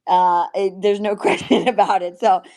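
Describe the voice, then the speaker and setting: An excitable woman hosting a political talk stream. She speaks emphatically at a mid-range pitch and breaks into exclamations often. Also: normal speed. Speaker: host. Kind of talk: casual political commentary.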